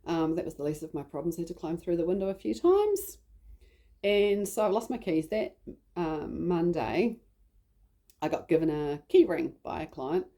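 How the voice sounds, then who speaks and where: Mellow-voiced New Zealand woman rambling. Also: lowish voice, very animated, normal speed. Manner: chatty, rambling, heavy use of "like". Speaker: vlogger. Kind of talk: casual personal storytelling.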